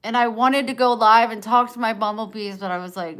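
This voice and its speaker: A woman's voice: a little high, brisk, hardly any pauses, a bit bright, smooth. A woman livestreaming from home, venting raw and emotional while she answers viewers by name.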